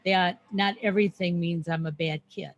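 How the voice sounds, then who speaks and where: A woman's voice: lowish voice, fairly even intonation, moderate pace, muffled recording, a little hiss or hum. A woman in her seventies co-hosting a podcast, speaking candidly with lots of ums. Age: 70s. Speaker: co-host. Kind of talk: casual podcast chat.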